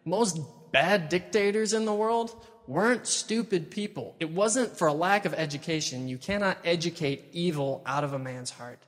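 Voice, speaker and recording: A man preaching a sermon with slightly high pitch and animated, dramatic storytelling. His voice carries a long reverb, as in a large hall. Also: moderate pace. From United States.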